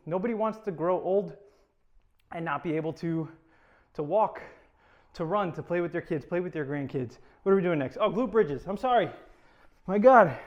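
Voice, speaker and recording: A man's voice: high-pitched, highs cut off. A man talking through a home workout as a fitness instructor, chatty and encouraging, a little out of breath. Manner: chatty, encouraging, self-deprecating.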